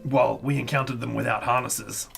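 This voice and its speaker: A man plays his character in a tabletop game, speaking in a gravelly, creaky voice and stumbling over his words. Loud guitar music plays behind him. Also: mid-range voice, steady tone, normal speed. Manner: hesitant, many fillers. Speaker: player. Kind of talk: in-character tabletop role-play.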